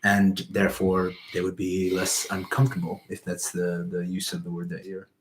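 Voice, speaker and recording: Guest, male, deep and monotone, halting, unsure delivery. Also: slight background noise, rough recording. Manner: hesitant and unsure. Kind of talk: casual chat.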